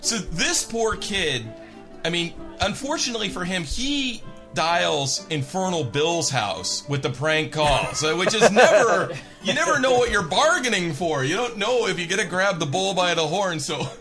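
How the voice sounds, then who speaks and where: A male radio host in his thirties tells a comic anecdote in a lively, swooping voice. His pitch sits somewhat high and he laughs as he goes. A music bed plays underneath. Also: measured pace. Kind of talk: comic storytelling.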